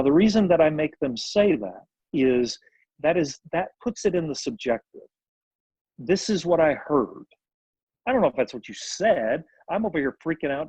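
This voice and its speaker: A man speaking as a therapist guest on a podcast, talking in a reflective, thoughtful way and slowing down to stress his points. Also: on the high side, darkish tone, slightly rough, no echo, dull audio. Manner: reflective, thoughtful, slows down for emphasis. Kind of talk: podcast conversation.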